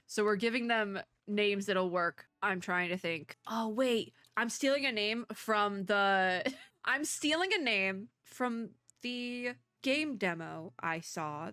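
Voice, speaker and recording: A woman's voice: medium pitch, a bit bright, no room sound. A young woman chatting casually and giggling as she plays a game and comments aloud. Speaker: gaming content creator. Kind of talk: casual let's-play commentary.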